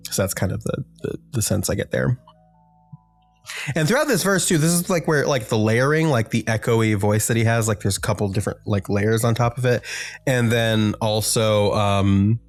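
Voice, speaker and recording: A man's voice: lowish voice, normal speed, dry recording, soft background music. A man co-hosting a podcast, chatting casually about an album with many fillers and bursts of sung lyrics. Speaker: podcast co-host. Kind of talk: casual music discussion.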